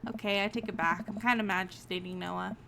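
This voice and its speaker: A woman's voice: mid-range voice, fairly even intonation, a little fast, creaky, background noise, natural voice. A woman reading the lines of a hurt, confiding teenage daughter in a game. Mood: upset. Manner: upset, confiding, rueful. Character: heartbroken teenage girl, daughter.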